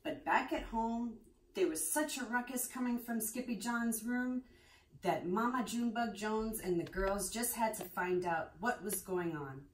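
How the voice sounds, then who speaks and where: Expressive woman reading a picture book aloud. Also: a little high, measured pace, slight background noise. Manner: expressive storytelling. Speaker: school bookkeeper reading to children. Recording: roomy sound from a distance.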